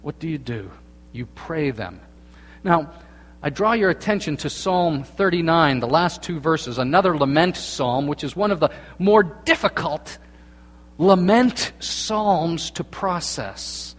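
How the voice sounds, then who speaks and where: A man preaching a sermon as a pastor, earnest, dropping to hushed tones and then rising to emphatic points. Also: on the high side, expressive, unhurried. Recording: long reverb of a large hall.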